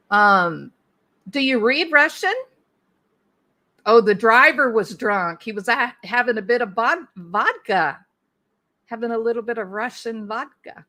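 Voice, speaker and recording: Bright-voiced woman hosting a casual livestream. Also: mid-range voice, gravelly. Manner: chatty, thinking aloud with restarts and small laughs. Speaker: livestream host. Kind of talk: casual livestream chat reading viewer comments.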